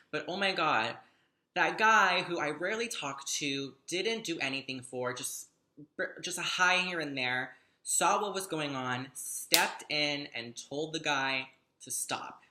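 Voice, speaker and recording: A man's voice: fairly high pitch, sharp tone. A young man telling a story to the camera, chatty, gossipy and dramatic, with plenty of swearing. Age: young adult. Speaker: vlogger. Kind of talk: casual storytime monologue.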